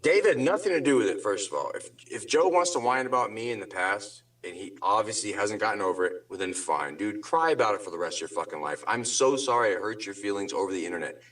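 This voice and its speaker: A man's voice: fairly low pitch, lively intonation, fast talker, hardly any pauses, a bit bright, distant mic, rough recording. A man on a talk show ranting angrily and sarcastically, swearing constantly in loose slang. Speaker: guest on a drama talk show. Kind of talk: heated profane rant.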